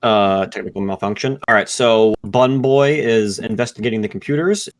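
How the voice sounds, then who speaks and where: Chill guy gm, lowish voice, rambles thru the recap. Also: moderate pace, dry recording. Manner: easygoing, loose recaps with filler. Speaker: game master. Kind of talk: casual game narration over voice chat.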